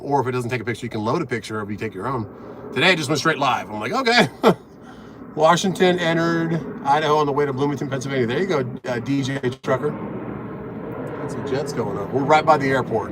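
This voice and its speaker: A man's voice: mid-range voice, a bit bright, slight background noise. A middle-aged man in his truck cab, live-streaming from a phone on the dash, chatting casually and greeting viewers, a bit out of breath. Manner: reads out viewer comments, upbeat and chatty.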